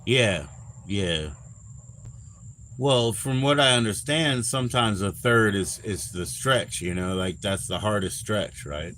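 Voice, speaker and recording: Male host, 40s, casual stream chat, profane and rambling, low voice, faint night ambience. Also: animated, slow pace, fairly bright tone, a little hiss or hum. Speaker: livestream host.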